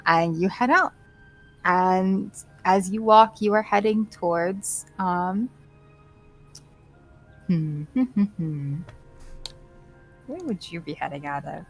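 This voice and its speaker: A woman narrating a tabletop role-playing game as game master, unhurried and hesitant, with many fillers and small laughs. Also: on the low side, faint music behind.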